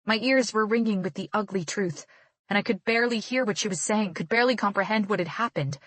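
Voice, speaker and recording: A woman narrating a first-person novel with tense, dramatic delivery. Her voice sits at a medium pitch, recorded dry and close. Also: a little fast, fairly bright tone, dry recording. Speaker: audiobook narrator.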